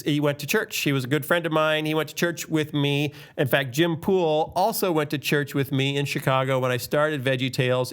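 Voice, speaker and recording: A man hosting a casual podcast chat, joking and reading listener questions aloud. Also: mid-range voice. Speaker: podcast host.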